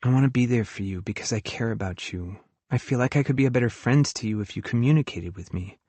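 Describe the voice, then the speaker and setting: A man's voice: mid-range voice, quick pace, darkish tone, dry recording, voice pushed up, natural voice. A man voicing a hurt, earnest young woman. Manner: earnest, hurt, talks frankly about her feelings. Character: hurt, candid young woman camp counselor. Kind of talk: audiobook dialogue reading.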